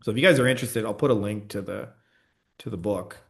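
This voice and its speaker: A man's voice: fairly low pitch, fast, creaky. A man who coaches online business, talking casually and profanely on a livestream and answering comments, with many "like" fillers. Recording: roomy echo.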